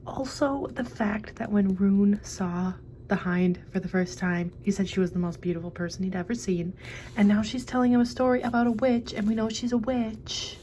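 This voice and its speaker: A woman giving a casual reading vlog reaction, excitable and rambling, gasping and squealing at plot twists. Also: medium pitch, brisk, a little hiss or hum. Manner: rambling recap with many fillers. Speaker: book vlogger.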